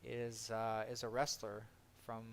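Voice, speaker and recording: A gaming streamer from Ontario, Canada rambles casually while answering comments from his live chat. His voice is fairly low and gravelly, with a completely flat delivery at a measured pace.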